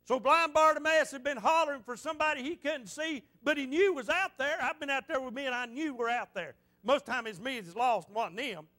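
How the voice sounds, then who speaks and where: A male pastor delivering a fervent sermon. His voice is high and bright with a sharp, forceful edge. He repeats phrases for emphasis and tells stories as he preaches. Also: brisk, few pauses. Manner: fervent, repetitive preaching with storytelling.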